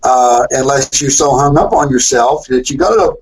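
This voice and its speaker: A man calling in as a guest, a wrestler and promoter, telling stories in a lively, laughing way. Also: medium pitch, moderate pace, gravelly, slight background noise, rough recording. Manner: storytelling, lively, laughs often. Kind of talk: phone-in chat.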